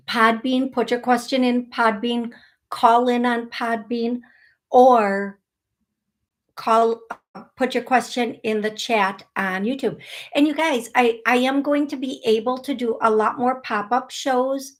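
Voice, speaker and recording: A woman's voice: on the high side, steady tone, slow pace. A middle-aged woman hosting a live call-in show as a psychic medium, talking in a chatty, blunt way and laughing at her own asides.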